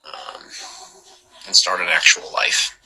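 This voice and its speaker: A man's voice: slow, bright, forceful tone, poor audio. A man hosting a livestream, chatting casually with viewers and rambling with joking asides. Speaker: livestream host.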